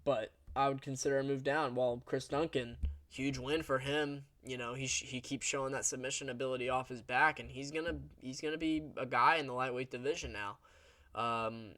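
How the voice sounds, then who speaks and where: A man's voice: medium pitch, fairly even intonation, brisk, pushed and bright, dry recording. A young man giving a casual, rambling fight recap, blunt and crude, with many fillers and restarts. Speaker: MMA recap host. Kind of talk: casual commentary.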